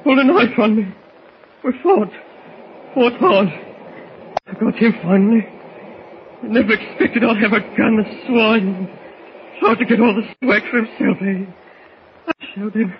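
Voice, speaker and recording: An actor playing a dying, boastful crook sailor who gasps and strains, in 1940s radio acting. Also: male voice, high voice, a little slow, pauses often. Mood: delirious. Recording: dull scratchy old radio recording.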